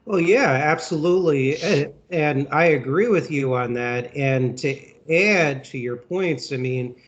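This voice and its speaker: A man's voice: a little high, unhurried, lo-fi sound. A man interviewing a guest on politics, laying out points in earnest and packed with names and facts, sometimes restarting a phrase. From United States.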